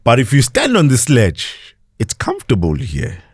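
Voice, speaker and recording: Recorded dry in a clean studio, this South African man has a medium-pitched, slightly rough voice and a moderate pace. As a guest on a podcast, he animatedly recounts stories, imitating those he quotes and laughing a lot.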